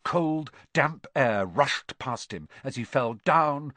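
Lively male storybook narrator, dry sound. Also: medium pitch, slow, few pauses, dry recording. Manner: animated, dramatic. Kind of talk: storybook read-aloud.

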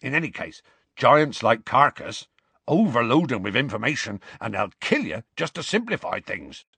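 A man voicing Hagrid, a big gruff half-giant who tells the story in rough, homely speech. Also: medium pitch, sing-song, sharp tone, no echo, heavily acted. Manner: rough colloquial grammar, slow homely storytelling.

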